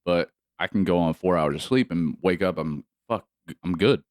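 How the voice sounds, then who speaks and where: A man's voice: sits low, moderate pace, darkish tone, dry recording, studio quality. A man co-hosting a podcast in casual chat, cursing freely and laughing often. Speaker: podcast co-host.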